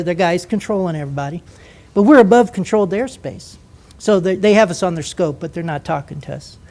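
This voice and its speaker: Older man, ex-pilot, spins a story for an audience, lively and vivid. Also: high-pitched. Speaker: former jet pilot.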